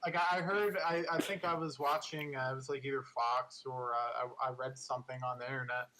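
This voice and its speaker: A man's voice: medium pitch, steady tone, fairly quick, pushed and bright, rough recording. A man in casual political chat on a podcast, rambling and sarcastic, full of restarts and filler words.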